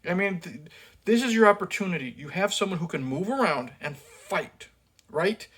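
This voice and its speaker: A man's voice: high-pitched, animated, moderate pace, a bit bright, husky. A man giving a casual, profane film review rant, blunt and sarcastic, with many fillers as he mocks the acting.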